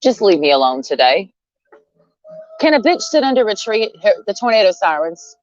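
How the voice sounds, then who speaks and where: Sitting under a tree outdoors, a woman vlogger rants casually to the camera, blunt and sarcastic, swearing freely and laughing between jabs. Her mid-range voice swings widely in pitch at a moderate pace. The dry recording has faint music behind it and a dull, lo-fi sound.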